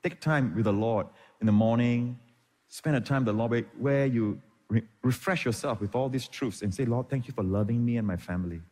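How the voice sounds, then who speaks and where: A man's voice: mid-range voice, brisk, darkish tone. Preaching male pastor in an echoey hall. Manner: preaching with frequent amens, Hebrew terms. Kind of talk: sermon.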